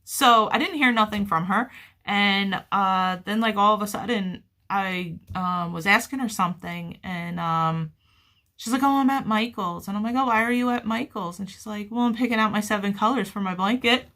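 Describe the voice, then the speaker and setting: A woman's voice: mid-range voice, normal speed, sharp tone. A woman hosting a crochet-along video, talking casually and gushing cheerfully about her project and her mother's blanket. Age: adult with children. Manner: chatty, gushing and upbeat. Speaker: crochet vlogger.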